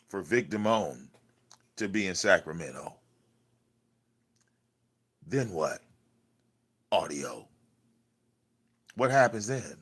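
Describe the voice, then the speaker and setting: A man's voice: on the low side, fairly bright tone, slightly rough. A man hosting a livestream, ranting at someone in a confrontational, profane way and repeating himself. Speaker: livestream host. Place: cluttered home room.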